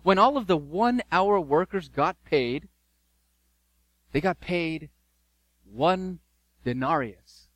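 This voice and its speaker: A male pastor preaching with slow, deliberate emphasis and dramatic pauses. His voice sits somewhat high for a man. The sound is dry and close, with no room echo. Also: lively intonation, a bit bright. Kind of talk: sermon.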